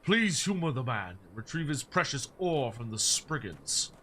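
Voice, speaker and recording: A man voicing a calm, formal male companion in a video game, speaking in a measured, polite way. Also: medium pitch, slight background noise, voice pushed down.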